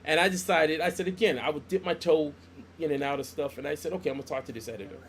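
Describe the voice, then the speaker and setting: He's a fast talker with a voice a little on the high side: a middle-aged comic artist telling stories in a casual podcast chat. Lively and theatrical, he performs the quoted lines, and a faint hiss or hum can be heard.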